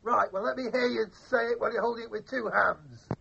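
A man voicing a boastful, rude, grumpy male puppet who taunts children on a phone-in, in a gravelly, whiny voice. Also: extremely high pitch, steady tone, fast, bright, forceful tone, a little hiss or hum, exaggerated voice. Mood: taunting. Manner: taunting, gloating, mock-sobbing. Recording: dull lo-fi TV audio.

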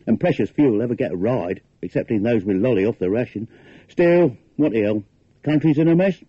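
An actor reading as a cynical Cockney working man who grumbles his way through a comic verse, firing off rhetorical questions with a lively, swooping pitch. The voice is husky and a little rough. It sounds dry and dull, like an old radio recording. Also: brisk, no echo. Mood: wry grumbling.

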